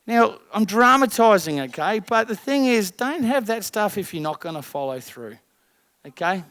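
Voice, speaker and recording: A man's voice: high voice, moderate pace, no echo. A man coaching a group of business owners, blunt and swearing, firing rhetorical questions. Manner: energetic, rising loud at the end.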